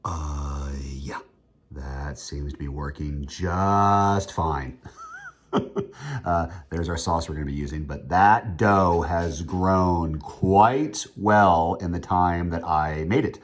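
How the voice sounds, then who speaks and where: A middle-aged man chatting casually as he cooks at home, laughing often and getting excited. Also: sits low. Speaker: home cook. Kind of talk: casual cooking vlog.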